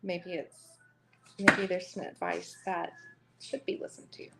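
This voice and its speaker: A woman's voice: fairly low pitch, level tone, a little slow, gravelly, heavy background noise. A woman with a Southern US accent giving a chatty live-streamed tarot reading, laughing often between cards. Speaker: tarot reader.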